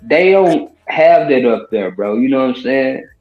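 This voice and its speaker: A man explaining his view slowly in a casual group chat, with lots of fillers. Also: mid-range voice, animated, soft background music. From American South. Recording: roomy, dull lo-fi sound.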